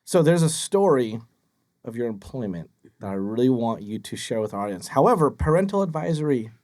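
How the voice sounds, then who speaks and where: A man's voice: mid-range voice, big pitch swings, fairly quick, a little mellow. A man hosting an entrepreneur podcast interview, eagerly prompting his guest to share a story. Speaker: podcast host.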